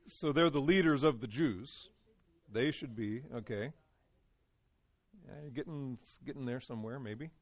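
A man's voice: mid-range voice, a little slow, long pauses. A man teaching a Bible study to a small group in a conversational way, often putting questions to his listeners.

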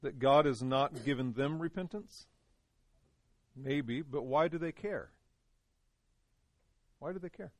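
A man's voice: on the high side, takes it slowly, long pauses, no room sound. Man leading a Bible study with questions. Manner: conversational, poses questions to the group. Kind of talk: interactive Bible teaching to a small group.

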